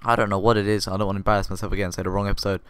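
Goofy low-voiced gaming commentator man. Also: little pitch movement, very fast, clear, resonant tone, dry recording. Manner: goofy, rambling and self-mocking. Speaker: gaming video host. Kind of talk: casual gameplay commentary.

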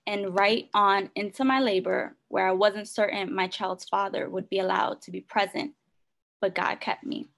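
A woman reads her own faith devotional aloud with sincere, earnest delivery. Her voice sits at an ordinary middle pitch for a woman. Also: fairly even intonation, normal speed, creaky, a bit bright. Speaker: devotional reader. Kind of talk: reading a personal devotional.

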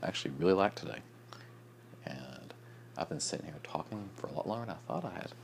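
A young man chatting casually in a late-night vlog, sleepy and yawning, rambling with restarts and soft chuckles. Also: deep voice, expressive, quick pace, vocal fry, slight background noise. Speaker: vlogger.

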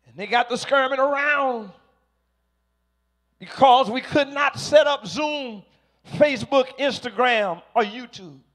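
A man preaching a sermon to a congregation, slow and emphatic, rising to shouted peaks. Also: very high-pitched.

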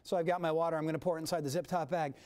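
A man hosting a kids' science demonstration in a TV studio, energetic and showy, with big swings in pitch and loudness. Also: racing. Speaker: science presenter for kids.

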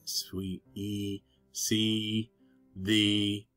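A man's voice: fairly low pitch, little pitch movement, slow, fairly bright tone, faint music behind. A man teaching a recorded lesson to children, chatty and encouraging. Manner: chatty, encouraging, reads quotes aloud with emphasis.

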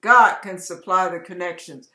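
A hoarse woman giving an encouraging devotional message as an online ministry preacher, with emphatic, repeated exhortations. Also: on the low side, normal speed, pushed and bright. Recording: echoey room.

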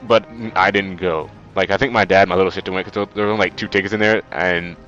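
A man's voice: deep voice, steady tone, quick pace, fairly bright tone. Stuffy-nosed man rambling over gameplay. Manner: rambling, chatty, with many fillers. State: stuffy nose. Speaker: let's play host. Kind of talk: casual game commentary. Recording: dull lo-fi sound. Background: faint game music.

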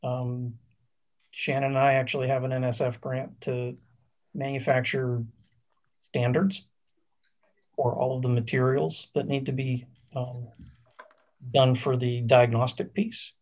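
A man's voice: mid-range voice, level tone, measured pace, long pauses, darkish tone. Man on a panel, folksy, wry humor, restarts often. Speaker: chemical engineering professor, panelist. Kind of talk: panel discussion.

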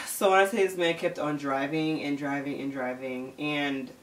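A woman's voice: sits low, steady tone, moderate pace, distant mic. A young woman from the Chicago area telling a storytime tale to camera in a chatty, dramatic way, often laughing. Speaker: vlogger. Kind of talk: casual storytime. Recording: roomy, from the mic.

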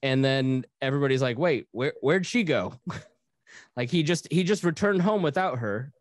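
A man with a mid-pitched voice hosts a podcast in casual, reflective chat. He laughs often and restarts his sentences. The sound is dry and close. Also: lively intonation, normal speed, no room sound. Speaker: podcast host.

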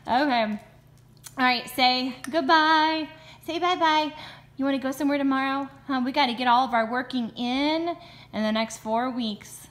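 A woman's voice: sits high, normal speed, noisy background. A woman vlogger talking casually to her dogs at home, in a sing-song, cooing pet-talk voice. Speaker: vlogger with a guide dog.

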